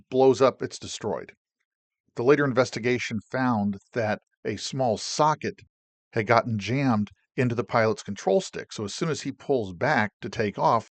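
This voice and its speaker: A middle-aged man and Navy veteran telling a story from his service, animated, acting out the people he quotes. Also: medium pitch, no echo. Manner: animated, acts out quotes, profane. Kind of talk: spoken recollection, documentary.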